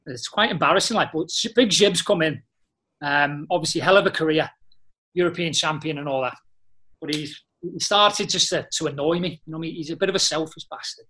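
A man tells animated, blunt dressing-room stories, full of slang and swearing. His voice sits a little high for a man. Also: a little fast. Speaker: podcast guest, former footballer. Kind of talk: casual storytelling chat.

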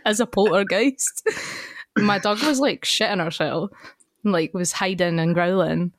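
A young Scottish woman co-hosting a podcast, chatting casually and telling stories quickly with frequent giggles. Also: medium pitch, slight background noise. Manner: giggly, rapid storytelling. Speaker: podcast co-host. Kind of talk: casual chat.

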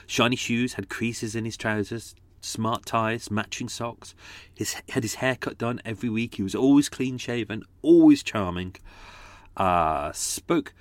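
A man with a lowish voice rambles through behind-the-scenes notes, often restarting and correcting himself. The sound is close and dry, with no room around it. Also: dry recording. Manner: rambling, self-correcting, chatty. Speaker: podcast creator. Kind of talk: casual behind-the-scenes commentary.

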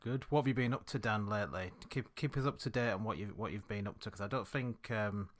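A man's voice: fairly low pitch, fast. Chatty male podcast host. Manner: chatty and rambling, with many hesitations. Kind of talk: casual podcast chat.

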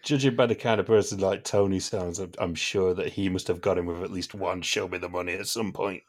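Deep-voiced male podcast host. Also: fairly even intonation, a little fast. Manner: chatty, prompts the guest with questions. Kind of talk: casual interview chat.

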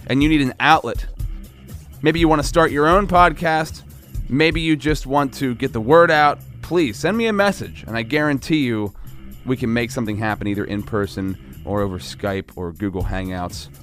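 A man's voice: mid-range voice, moderate pace, a bit bright. A man with a central Pennsylvania accent hosts his podcast from a small studio. He talks loosely and jokingly, drifting from thought to thought. Faint music sits behind him. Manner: loose, rambling, joking delivery. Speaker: podcast host. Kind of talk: casual podcast chat and self-promotion.

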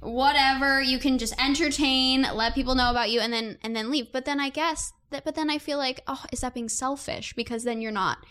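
High-voiced young woman hosting a podcast. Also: steady tone, fairly quick, hardly any pauses, a bit bright, smooth. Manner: friendly, asks questions, agrees often. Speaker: podcast host. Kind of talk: casual chat.

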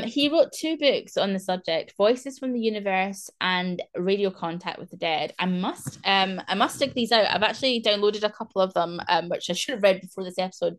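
A young woman hosting a podcast, chatting in a rambling way full of fillers. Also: medium pitch. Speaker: podcast host. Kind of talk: casual chat.

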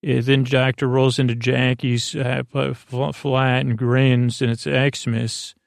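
A man recaps an episode for a sleep podcast, wandering through it with constant fillers and restarts. His voice stays flat and level, with a gravelly fry. The sound is close and dry. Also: medium pitch, no echo. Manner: meandering, halting, full of fillers and restarts. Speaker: podcast host.

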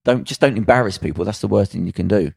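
Gravelly, blunt man. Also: fairly low pitch, lively intonation, fast talker, darkish tone, dry recording, clean studio sound. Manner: blunt, sweary, acts out quoted voices. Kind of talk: casual storytelling chat.

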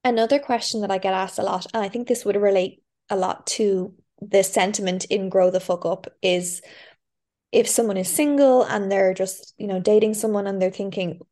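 A woman hosts a conversational podcast interview, her voice mellow and warm in tone. She sets up each question in a thoughtful, measured way. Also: medium pitch, fairly even intonation. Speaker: podcast host.

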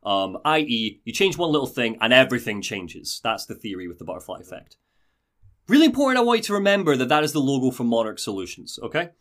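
A male podcast host recapping a game story in an animated, jokey way. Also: medium pitch, quick pace.

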